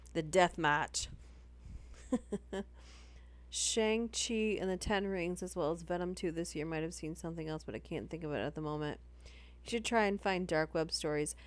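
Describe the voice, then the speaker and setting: This woman has a low voice and is chatting loosely on a live stream in the breaks between horror story readings. She tends to ramble and interrupt herself.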